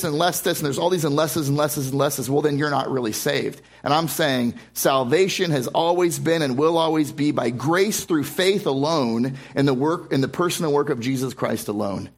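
Guy preaching a sermon, kinda high voice, keeps repeating himself for emphasis. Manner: emphatic, repeats words and restarts phrases. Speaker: pastor. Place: church service before a congregation.

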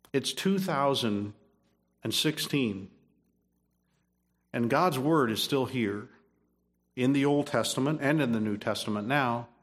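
A man preaching a sermon, emphatic, repeating phrases and restarting his sentences. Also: mid-range voice. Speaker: pastor.

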